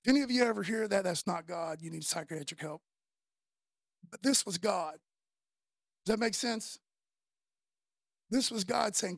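A woman preaching a casual sermon, slangy and conversational, telling the story in an animated way. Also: medium pitch, moderate pace, creaky, long pauses, no echo, clean studio sound.

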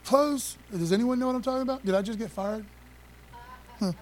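High-voiced man preaching a lively sermon. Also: a little fast, a little hiss or hum. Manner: conversational, emphatic preaching with rhetorical questions. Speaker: pastor.

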